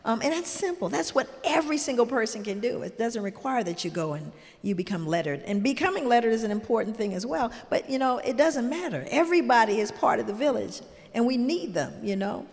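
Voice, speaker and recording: A woman's voice: fairly high pitch, big pitch swings, fairly quick, few pauses, darkish tone. An older woman, a grandmother, telling stories in an earnest, heartfelt way, full of "you know" asides. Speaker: guest. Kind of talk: reflective storytelling in conversation. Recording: long hall reverb.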